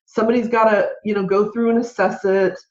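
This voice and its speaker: Woman podcast host on a quick rant, mid-pitched, echoey room, kinda dull sound. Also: steady tone. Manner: fast, ranting, conversational. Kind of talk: solo podcast advice.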